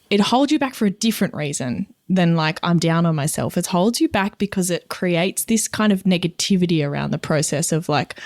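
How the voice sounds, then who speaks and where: A woman's voice: lowish voice, animated, brisk, a little mellow, dry recording, studio quality. A woman co-hosting a casual podcast as a career coach, frank and playful, laughing often.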